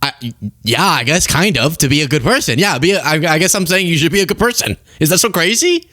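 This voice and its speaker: A man's voice: fairly high pitch, lively intonation, fast talker, pushed and bright, dry recording, clean studio sound. A man hosting a political commentary show, talking sarcastically and mocking the clips he reacts to. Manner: mocking, jumps into exaggerated impressions.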